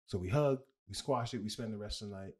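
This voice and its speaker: A man's voice: fairly low pitch, fast, darkish tone, slightly rough. A young adult man, a comedian, telling a long personal story casually and candidly, often adding "right?" and "like". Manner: candid, rambling, leans on "right?" and "like". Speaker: guest comedian.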